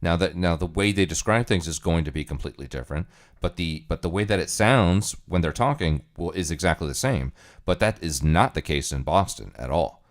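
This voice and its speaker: A man with a very low voice hosts a casual livestream. He rambles loosely and muses out loud as he works through his thoughts, often circling back to restate a point. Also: brisk. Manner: musing, rambling, thinking aloud. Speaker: livestream host.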